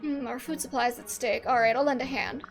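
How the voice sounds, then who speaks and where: Woman voicing calm male ninja, game scene, courteous, soft. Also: high voice, a little fast, vocal fry, faint music behind.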